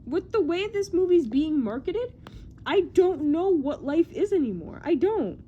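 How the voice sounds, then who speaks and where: A young woman chatting casually in a vlog about movie news, excitable and rambling, often self-deprecating and full of "like". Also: very high voice, a little slow, muffled recording, a little hiss or hum.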